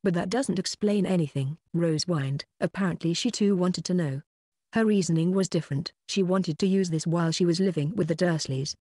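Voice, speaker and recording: An audiobook narrator reading a story in a steady, uninflected synthetic voice. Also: mid-range voice, a little fast, dry recording, clean studio sound. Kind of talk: scripted narration.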